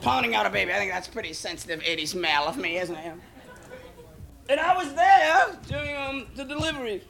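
A young man doing an animated, rambling stand-up comedy set, acting out bits. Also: extremely high pitch, a little fast. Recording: live club with noisy laughing crowd. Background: audience laughter and noise.

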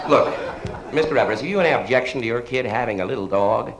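A man's voice: medium pitch, animated, quick pace. Flustered, stammering man on a noisy recording. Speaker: stand-up comedian. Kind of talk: one-sided telephone comedy monologue.

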